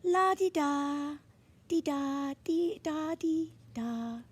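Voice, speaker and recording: A woman voicing a cheerful, adventurous little boy who talks in a bright, bouncy, sing-song way. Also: extremely high pitch, slow, pitched above the performer's own voice.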